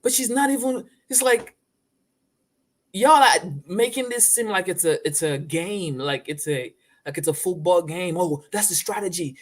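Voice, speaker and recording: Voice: medium pitch, unhurried. A streamer giving casual reaction commentary in loose slang, often repeating himself.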